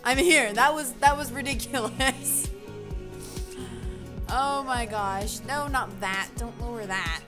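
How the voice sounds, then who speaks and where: A woman streams a game with faint game music in the background, speaking slowly in a slightly high voice. She chats casually, giggling as she greets her chat and reads along.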